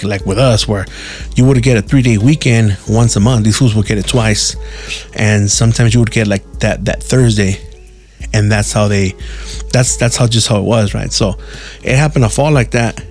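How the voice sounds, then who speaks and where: A man's voice: on the low side, a little mellow. A man telling a rambling personal story in a casual, slang-heavy, profane way. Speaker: podcast host.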